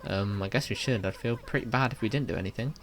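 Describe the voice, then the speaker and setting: A man's voice: on the low side, quick pace, soft background music, natural voice. A man voicing a spunky young female goomba companion in a game, blunt and teasing.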